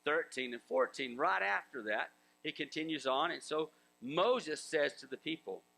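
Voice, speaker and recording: A man's voice: a little high, moderate pace, gravelly, sharp tone, poor audio. A man preaching a sermon in a conversational way, acting out biblical voices and chuckling as he goes. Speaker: pastor.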